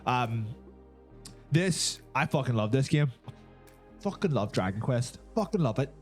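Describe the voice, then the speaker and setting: A man's voice: medium pitch, animated, measured pace, darkish tone, faint music behind. A man co-hosting a gaming talk show, in sweary, enthusiastic banter. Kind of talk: casual chat.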